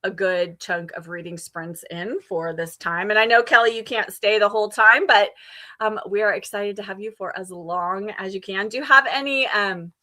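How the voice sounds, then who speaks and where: Chatty bright-voiced woman host. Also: medium pitch, normal speed. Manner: chatty, upbeat, laughs often. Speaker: livestream host. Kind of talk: casual chat.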